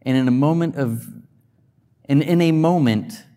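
A man's voice: fairly high pitch, measured pace, mellow, in a large hall. A man giving a sermon as a pastor, teaching conversationally with rhetorical questions and restarts. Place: church sanctuary.

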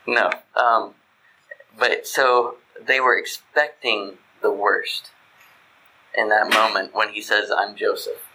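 Man, Bible study teacher, lowish voice, very bright and forceful tone, conversational, checks in with listeners. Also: fairly even intonation, slow, slight background noise, poor audio. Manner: conversational, asks "right?" to listeners, restarts mid-thought.

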